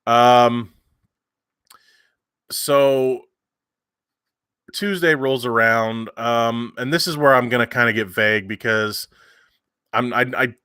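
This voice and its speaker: A man's voice: medium pitch, slow, pauses often, pushed and bright, clean tone, no room sound, studio quality. A man, hosting a livestream and telling a long story in casual chat with many fillers and restarts. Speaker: livestream host.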